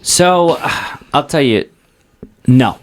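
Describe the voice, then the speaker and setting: A man in his twenties co-hosting a podcast, telling stories in a casual, profane and animated way. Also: on the high side, very slow. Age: 20s. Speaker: podcast co-host. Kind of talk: casual chat.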